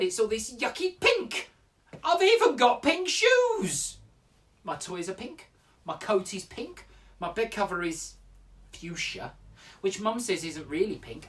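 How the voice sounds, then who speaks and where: A grumpy little girl of eight who can't stand pink, as a grown man puts her on. She recites her complaints in a high, sing-song rhyme, swooping up and down. The voice sits a little way back from the mic. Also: recorded from a distance, exaggerated voice.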